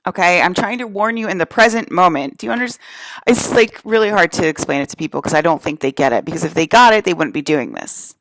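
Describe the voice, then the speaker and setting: A woman's voice: lowish voice, expressive, fast talker, fairly bright tone, dry recording. A woman from New Jersey giving a rambling solo rant to camera, profane, emphatic and repetitive. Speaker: vlogger.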